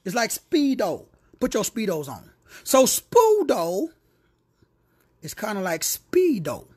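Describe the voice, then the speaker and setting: A man's voice: high-pitched, slow, breathy edge. A man teaching a word study in a preacher's style, repeating phrases, calling out listeners by name and slipping into playful teasing asides. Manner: animated, repetitive, calls listeners by name.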